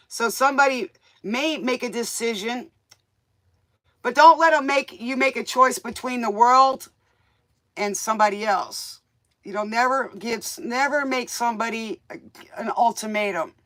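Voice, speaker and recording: Smoky-voiced woman host, bright and forceful, rambling and folksy as she reads tarot for viewers. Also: a little high. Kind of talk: casual live tarot reading chat.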